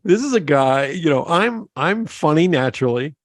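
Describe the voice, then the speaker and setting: A man's voice: fairly high pitch, lively intonation, dry recording, studio quality. A middle-aged man hosting an interview, playful and joking in easy conversation. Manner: playful, joking, quick to laugh. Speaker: podcast host. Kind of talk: casual interview chat.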